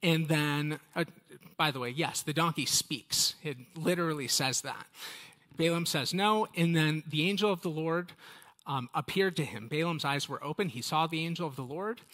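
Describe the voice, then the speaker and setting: A man leading a relaxed Bible study, chatty and conversational as he talks straight to his listeners. His voice sits a little high and sounds bright and clear. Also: normal speed. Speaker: Bible teacher. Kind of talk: casual Bible study teaching.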